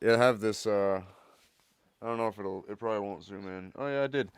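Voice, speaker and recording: A man's voice: on the low side, brisk, crowd noise. A man in a casual chat, telling stories animatedly with lots of "like" and swearing.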